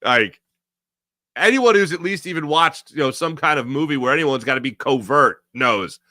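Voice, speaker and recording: A man's voice: fairly high pitch, animated, normal speed, bright, forceful tone, no room sound. A man hosting a sports talk show, rambling in a casual monologue and laughing often.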